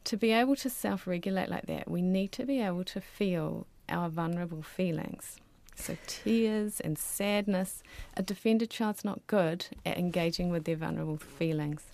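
Low gravelly woman explaining earnestly. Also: moderate pace. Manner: earnest, explanatory, softens into quiet voices when quoting parents. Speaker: guest expert on child development. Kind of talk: interview answers.

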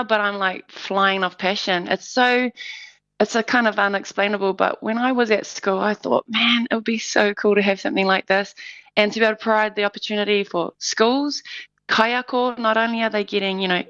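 A woman's voice: mid-range voice, a bit bright, smooth, no room sound. A woman, an artistic director being interviewed on radio, talking with enthusiasm and frequent restarts. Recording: slightly muffled dry studio mic.

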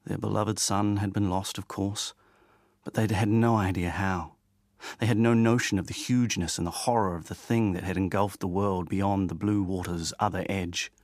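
A man narrating a novel in a measured, steady way. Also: low voice, no room sound, clean studio sound. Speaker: audiobook narrator. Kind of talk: scripted narration.

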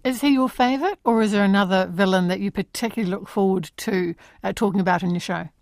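A woman hosting a radio interview, asking brisk, friendly questions. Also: medium pitch, a little mellow, no room sound, studio quality. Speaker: radio host.

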